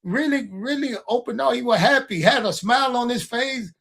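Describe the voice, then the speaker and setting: Older guy, kinda high voice, podcast host telling a story, acts out the quotes, cusses a lot. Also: normal speed, gravelly, fairly bright tone. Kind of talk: casual storytelling chat.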